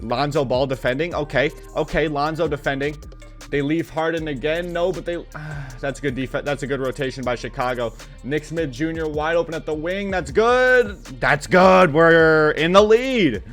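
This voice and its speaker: A gaming channel host with a fairly high voice narrates his own basketball video game, bouncing between excitement and exasperation. He scolds the players on screen in casual talk packed with slang and swearing, while faint game music plays underneath.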